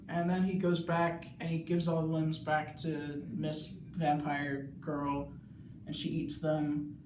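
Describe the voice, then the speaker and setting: A young male student rambling through a casual plot recap, full of "like"s, now and then yelling. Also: a little high, noisy background. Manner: rambling, many "like"s, bursts of yelling. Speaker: student video reviewer. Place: bathroom. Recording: echoey bathroom, mic far off.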